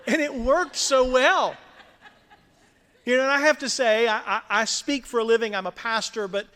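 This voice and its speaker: A middle-aged man with a South Louisiana accent, giving an earnest, gently humorous prepared speech at a reception. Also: very high voice, fairly even intonation, normal speed. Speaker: scholarship recipient speaker. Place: large community center hall. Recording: reverberant hall.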